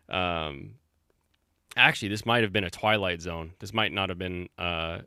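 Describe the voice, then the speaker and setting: Bright, crisp-voiced man telling stories. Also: on the low side, normal speed, no room sound, clean studio sound. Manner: rambling storyteller, many fillers and restarts. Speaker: stream host. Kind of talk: casual chat.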